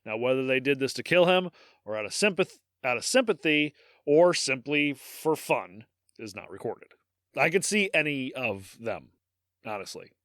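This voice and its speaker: Male podcast co-host, animated, swearing jokes between readings, dry close mic. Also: medium pitch, moderate pace, dry recording. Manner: profane, joking asides between readings. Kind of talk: casual podcast chat, reading history aloud.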